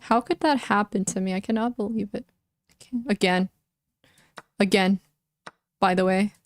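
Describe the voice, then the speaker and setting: A woman's voice: medium pitch, brisk, no room sound, clean studio sound. A young adult woman streaming chess, chatting casually and emotionally with her viewers and often using "like" as a filler. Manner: emotional, talks to her chat, frequent "like" fillers. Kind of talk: casual live-stream chat.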